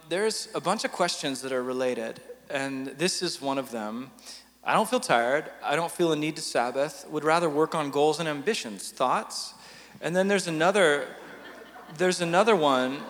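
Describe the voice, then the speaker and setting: A man's voice: on the high side, a bit bright, long reverb tail. A man leading a church panel discussion, talking conversationally and often repeating words as he thinks.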